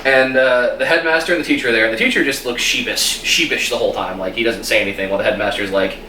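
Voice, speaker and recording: A man's voice: medium pitch, quick pace, a little hiss or hum. A man chatting casually as co-host, animatedly recapping a TV episode. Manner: animated, retells scenes in quoted voices. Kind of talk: casual chat. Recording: roomy echo, distant mic.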